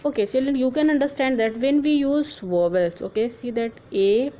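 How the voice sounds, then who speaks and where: A female teacher with a high, mellow voice leads a grammar lesson, slowly spelling out letters and frequently asking "clear?" and "okay." The audio quality is poor.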